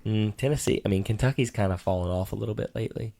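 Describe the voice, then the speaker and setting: A man's voice: on the low side, fast talker, gravelly, warm tone. A middle-aged man co-hosting a casual sports-picks podcast, teasing and playfully bossy as a father.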